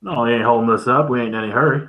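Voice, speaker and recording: A man's voice: medium pitch, very fast, lo-fi sound, natural voice. A man voicing a cocky outlaw cowboy with a slangy drawl. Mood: menacing.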